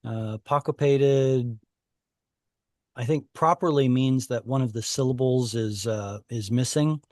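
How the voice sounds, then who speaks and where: A man teaching an online language lesson, taking his time with each point. His voice sits at a middle pitch and sounds close and dry, with no room around it. He explains patiently and pauses to think aloud. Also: darkish tone, dry recording. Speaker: Hebrew teacher. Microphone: video call.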